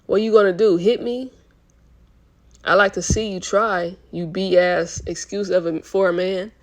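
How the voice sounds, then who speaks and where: A woman reading aloud, voicing a furious young woman who yells and curses at her boyfriend. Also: mid-range voice, fairly even intonation, unhurried, lightly acted. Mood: defiant. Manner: yelling, cursing, heated.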